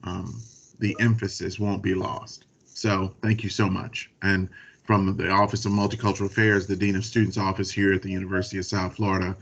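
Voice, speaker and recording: Middle-aged texas guy, gravelly lowish voice, halting earnest thank-you on a dull video call. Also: flat delivery, a bit bright. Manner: earnest, halting, many fillers and restarts. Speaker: university dean staff member. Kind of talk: spontaneous remarks at an online event.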